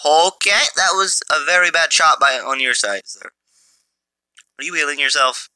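A man giving mobile gameplay commentary through a phone's built-in mic, excitable and jokey, taunting his enemies. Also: on the high side, normal speed, smooth, dry recording. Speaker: gamer.

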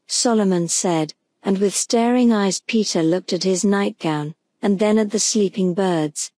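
A woman narrating a gentle bedtime story for sleep, slow and soothing. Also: mid-range voice, no room sound. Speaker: audiobook narrator.

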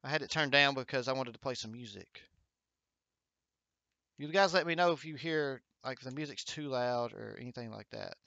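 Bright-voiced upbeat male streamer. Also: medium pitch, moderate pace, gravelly, no room sound, highs cut off. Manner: upbeat, chatty, encouraging. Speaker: gaming livestream host. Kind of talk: casual livestream chat, reading viewer comments. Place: home streaming setup with green screen.

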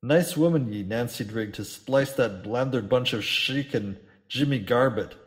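Rough drunken old sea captain, read aloud by a man, bellowing, gruff, storybook sailor talk. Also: medium pitch, measured pace, close to an everyday voice. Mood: scornful. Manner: loud gruff bellowing, old seafaring dialect.

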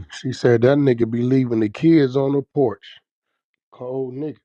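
A man's voice: medium pitch, steady tone, measured pace, dark tone, dry recording, dull audio. A man hosting a casual, profane group chat and telling stories in a brash, laughing way. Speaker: host.

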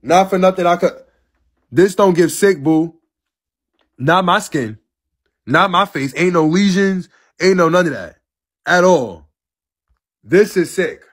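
Husky-voiced sassy young man ranting. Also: high-pitched, unhurried, pauses often. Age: 20s. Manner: brash, profane, sassy, calling someone out. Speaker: live streamer. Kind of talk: casual live-stream rant.

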